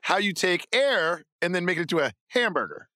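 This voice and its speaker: A wry co-host trades jokes in casual chat, mocking themself. The voice swings widely in pitch. The sound is dry and close. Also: big pitch swings, fairly quick, pushed and bright, no echo. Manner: wry, jokey, self-mocking. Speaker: podcast co-host.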